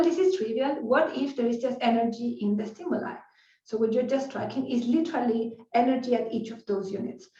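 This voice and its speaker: A woman's voice: fairly high pitch, mellow. Woman lecturing, roomy and distant. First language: Spanish. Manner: conversational, peppered with "you know" and restarts. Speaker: neuroscience researcher giving a talk. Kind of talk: conference lecture. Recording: roomy, distant, dull lecture-hall recording.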